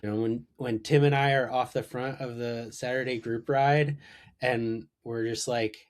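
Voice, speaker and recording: A man's voice: mid-range voice, steady tone, normal speed. A man in his thirties, a podcast guest, chatting casually in an enthusiastic, rambling way with many restarts. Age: 30s. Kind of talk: casual chat.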